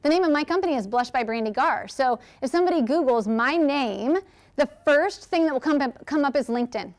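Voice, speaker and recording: A woman giving a lively, chatty workshop talk, answering audience questions and acting out quotes. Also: high-pitched, fairly quick. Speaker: speaker at a workshop.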